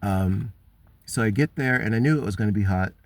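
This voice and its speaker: Male vlogger, lowish voice, dry close sound, rambling and upset. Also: a little fast, no room sound. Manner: frustrated, wandering, many ums and restarts. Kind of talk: rambling personal story.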